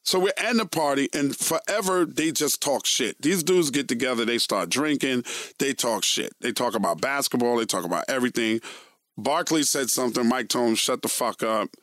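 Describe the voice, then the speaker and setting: A man, telling stories as a guest in a casual interview, animated and swearing freely. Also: mid-range voice, normal speed, no room sound, studio quality. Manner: profane, animated storyteller. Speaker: guest, veteran radio and TV host.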